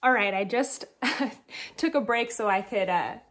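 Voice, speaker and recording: A woman's voice: mid-range voice, unhurried, fairly bright tone. A woman hosting a knitting podcast, chatting casually and rambling with giggly asides while showing her projects, in a groggy morning voice.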